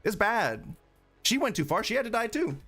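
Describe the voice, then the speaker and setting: A man's voice: extremely high pitch, big pitch swings, fast talker, fairly bright tone, husky, faint music behind. A man hosting a livestream podcast, ranting profanely and rambling with restarts. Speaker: podcast host. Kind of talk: livestream commentary.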